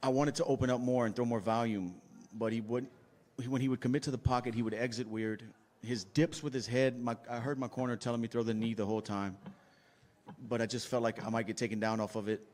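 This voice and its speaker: A male fighter speaks at a post-fight press conference, calm and reflective as he breaks down the bout. His voice sits at a plain, middle pitch. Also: fast.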